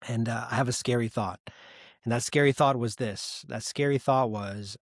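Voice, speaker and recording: A man's voice: mid-range voice, normal speed, dry recording, studio quality. A man in his thirties, a podcast guest, telling a painful personal story in an earnest, reflective way. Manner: earnest, reflective, gets choked up at moments.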